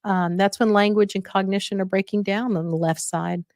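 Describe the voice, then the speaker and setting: A woman's voice: mid-range voice, steady tone, normal speed, darkish tone, no room sound, clean studio sound. A woman hosting a casual advice podcast on dementia care, encouraging and often checking in with listeners.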